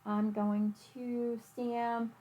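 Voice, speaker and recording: A woman's voice: a little high, flat delivery, drawn-out words, highs cut off, slight background noise. A woman demonstrating card making at home in a casual tutorial, chatting to herself as she works. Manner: chatty, talks to herself and her dog while working.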